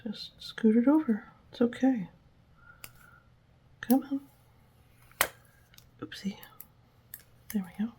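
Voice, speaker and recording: A woman host of a journaling channel, whispering softly to herself as she crafts and talks about it. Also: fairly high pitch, slow, pauses often, background noise. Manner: whispers while working with her hands, talks to herself. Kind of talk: soft whispered crafting chatter.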